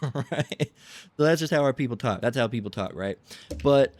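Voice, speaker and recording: A man's voice: medium pitch, expressive, fast talker, darkish tone. A man giving a rambling religious lecture, tagging his points with "okay?" and "all right?". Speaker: religious teacher.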